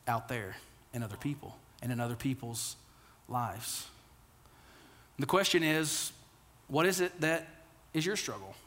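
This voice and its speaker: Earnest pastor with a higher voice. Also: male voice. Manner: earnest, conversational preaching with frequent repeated words; drops to a quiet, low delivery on key lines. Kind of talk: sermon.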